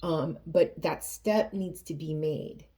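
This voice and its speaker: A woman giving a tarot reading to her viewers, earnest and emotional, often pausing and restarting her sentences. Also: sits low, warm tone. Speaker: tarot reader.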